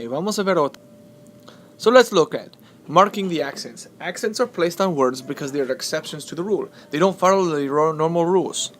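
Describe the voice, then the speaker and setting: A man teaching Spanish spelling and stress, switching between English and Spanish and repeating words slowly. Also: fairly high pitch. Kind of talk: classroom explanation of Spanish spelling.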